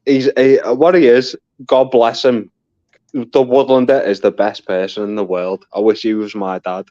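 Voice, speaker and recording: A man's voice: mid-range voice, level tone, normal speed, warm tone, no echo. Man, casual chat, swears a lot, dry close sound, dull lo-fi audio. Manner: chatty, swears and laughs often. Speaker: guest on a live stream chat.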